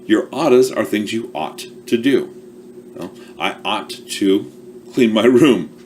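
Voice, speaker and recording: A man's voice: fairly low pitch, lively intonation, takes it slowly, a little mellow, slight background noise. A man coaching small businesses on marketing in a chatty, self-deprecating, casual talk to camera. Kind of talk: casual talking-to-camera advice.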